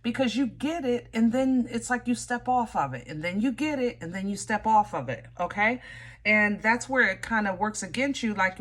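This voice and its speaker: A woman's voice: a little high, lively intonation, normal speed, fairly bright tone. A woman giving a casual tarot reading to viewers, chatty and direct, often teasing with "you know?" and "okay?". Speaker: tarot reader.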